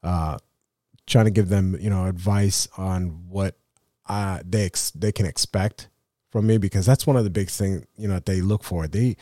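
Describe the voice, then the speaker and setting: A man's voice: low voice, moderate pace, mellow, no echo, studio quality. A man hosting his own photography podcast, talking in a rambling, self-deprecating way with many fillers and restarts. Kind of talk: casual solo podcast monologue.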